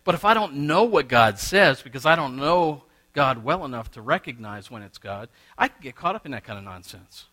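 A middle-aged male pastor preaching a sermon, swinging between loud and quiet as he acts out little exchanges. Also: lively intonation, normal speed, hardly any pauses. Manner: preaching with wide swings in pitch and loudness, acting out quoted exchanges.

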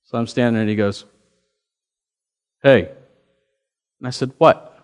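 A man's voice: medium pitch, measured pace, long pauses, clear, resonant tone, in a large hall. A man preaching a sermon, telling a story with quoted dialogue and building to emphatic calls to the congregation. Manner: animated, rising to emphatic calls. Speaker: pastor.

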